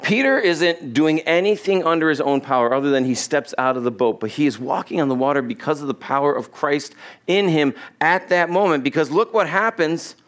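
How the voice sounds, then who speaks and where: A pastor with a slightly high voice and slightly fast delivery preaches a sermon in church. He is animated, acting out the lines of the Bible characters in his story, picked up by a body-worn mic with a cable.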